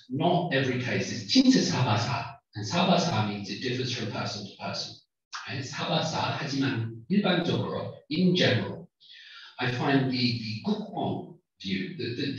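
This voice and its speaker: A man giving a public lecture in a hall, in a chatty, humorous way, sprinkling in Korean phrases. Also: mid-range voice. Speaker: guest lecturer. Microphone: microphone, far from the recorder. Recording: echoey distant dull hall recording.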